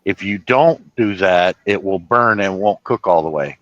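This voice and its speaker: A man's voice: sits low, unhurried, a bit bright, no echo, highs cut off. A man who drives a truck, chatting casually on a live stream from his truck cab, rambling through stories with swearing and false starts. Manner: storytelling with swearing and restarts.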